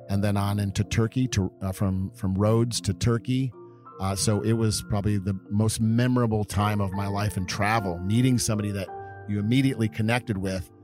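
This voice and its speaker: Rambling, low-voiced middle-aged American man. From California. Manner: rambling, reminiscing, with many fillers. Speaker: father being interviewed by his child. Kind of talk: casual storytelling.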